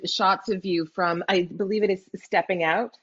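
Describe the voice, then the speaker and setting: A woman at a middle pitch hosts an interview and reacts with enthusiasm. Her voice comes through a dull, lo-fi recording. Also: fairly even intonation, moderate pace, slightly rough. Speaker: interview host. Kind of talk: casual interview. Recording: dull lo-fi sound.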